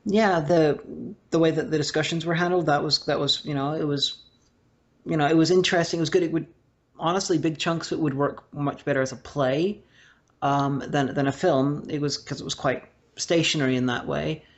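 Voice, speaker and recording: A speaker of middle pitch talks through a film review in a casual podcast chat. The delivery is halting, full of restarts and fillers. The audio is dull and lo-fi. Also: fairly even intonation. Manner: hesitant, many restarts and fillers.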